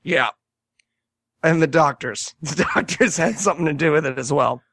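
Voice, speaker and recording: A man casually retelling a movie's scenes with sarcastic jokes, animated and quick to mock. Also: a little high, no echo. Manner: sarcastic, animated storytelling with quoted asides. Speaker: podcast co-host reviewing a movie. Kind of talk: casual comedic movie review chat.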